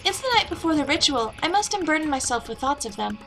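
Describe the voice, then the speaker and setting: An uneasy mother devoted to a cult in a video game, voiced by a woman, soothing on the surface with a soft, reassuring tone. The voice sits high and bright. It sounds anxious underneath. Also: big pitch swings, fast talker, faint music behind, full character voice.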